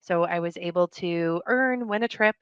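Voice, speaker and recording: A woman speaking as a podcast guest, her voice smooth and a little low. She talks in an open, heartfelt way and pauses often. The sound is dry and dull, as if from a remote call. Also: no room sound. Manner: open, heartfelt, hesitant with many ums. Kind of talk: casual interview chat.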